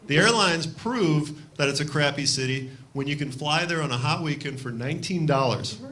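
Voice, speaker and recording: A man's voice: a little high, lively intonation, normal speed, bright, forceful tone. A man from Ohio doing a loose, self-deprecating stand-up routine on a comedy club stage. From Cleveland, Ohio.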